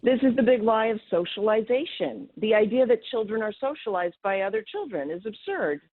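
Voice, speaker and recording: A woman's voice: fairly high pitch, animated, brisk. A middle-aged woman guest on a radio interview, arguing her point emphatically with sarcastic asides. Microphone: phone. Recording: tinny phone line.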